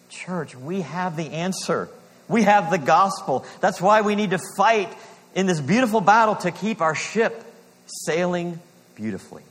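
A man preaching a sermon in earnest, slowing down for emphasis and dropping to a hush on key lines. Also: a little high, in a large hall. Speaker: pastor.

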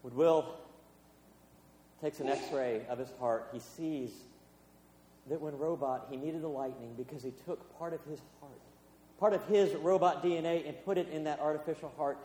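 A man's voice: a little high, moderate pace, warm tone, slight background noise. A man, a pastor, preaching a sermon in a conversational, storytelling way with casual fillers. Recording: echoey hall with long reverb.

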